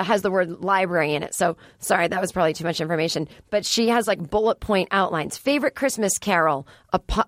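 Her voice is mid-range with a fairly bright tone, captured on a studio microphone with no room sound. This woman hosts a casual solo podcast, wandering through rambling chat full of sarcastic asides.

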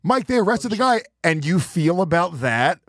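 A man's voice: high voice, sing-song, normal speed. A man hosting a podcast, talking in rambling, self-deprecating banter with plenty of swearing. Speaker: podcast host.

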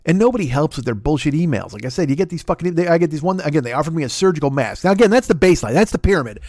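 His voice is high-ish yet darkish in tone, expressive and racing as he hosts a podcast. It's a swearing, rambling solo comedy rant punctuated by impressions and scat singing, with a slight sniffle from a cold, all in dry, studio-quality sound.

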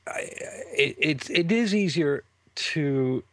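A man in casual conversation who speaks thoughtfully and haltingly, often restarting his sentences. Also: a little high, animated, a bit bright, no echo.

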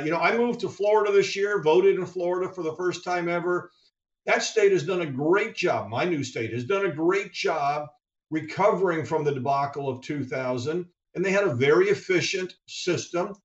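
A man speaking as a guest commentator in a casual interview, measured and critical. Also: a little high. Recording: distant roomy dull phone-in line.

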